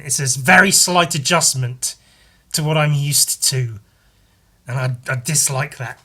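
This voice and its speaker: A podcast host rambles casually and swears as he counts cards and envelopes out loud in a behind-the-scenes monologue. His voice is fairly high, with a sharp tone and a breathy edge.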